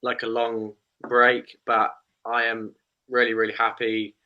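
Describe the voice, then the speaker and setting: A man chatting as a guest on a casual show, soft-spoken and a bit hesitant. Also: mid-range voice, monotone, a little slow, highs cut off. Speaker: guest content creator. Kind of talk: casual chat.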